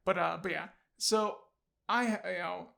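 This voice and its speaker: A man's voice: high-pitched, a little slow, vocal fry, sharp tone. A man casually reviewing an audiobook on his channel, enthusiastic and rambling, with many fillers and restarts.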